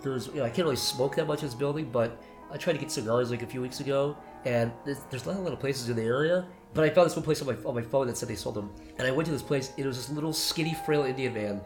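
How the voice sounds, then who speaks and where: A man's voice: medium pitch, soft background music. A man telling a story in casual podcast chat, stumbling and restarting his words. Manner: very fast, stammering storytelling with repeated restarts.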